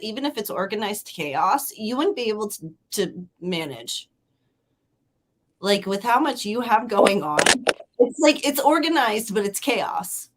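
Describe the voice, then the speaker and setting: A woman in her forties hosting a casual livestream, chatty and laughing as she reads out personality traits. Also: a little high. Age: 40s. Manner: chatty, laughing, spells out hard words. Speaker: livestream host reading birthday personality traits. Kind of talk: casual live chat.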